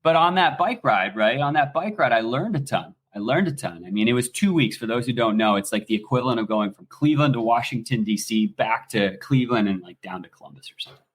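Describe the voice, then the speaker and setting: A middle-aged American man telling stories as a podcast guest, animated and swearing freely in casual talk. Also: mid-range voice, fast, hardly any pauses. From United States. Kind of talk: casual storytelling.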